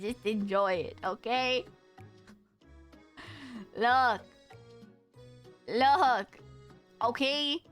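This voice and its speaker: A young woman with a Romanian accent chats loosely with her viewers, joking and full of slang. Her voice sits high and sounds bright and sharp. Faint music plays underneath. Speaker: streamer. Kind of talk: casual chat with viewers.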